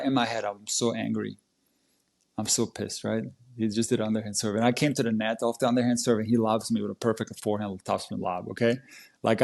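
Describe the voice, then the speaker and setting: A tennis coach telling a match story in a casual, vivid and animated way on a podcast. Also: male voice, on the low side, gravelly.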